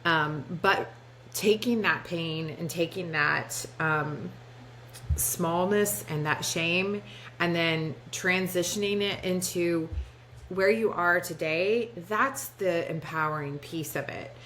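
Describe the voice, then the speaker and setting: A woman podcast host speaks slowly and reflectively in a somewhat low voice. She pauses with frequent ums as she affirms her guest's story. Faint hiss runs behind her. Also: fairly bright tone, rough recording. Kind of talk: casual interview chat.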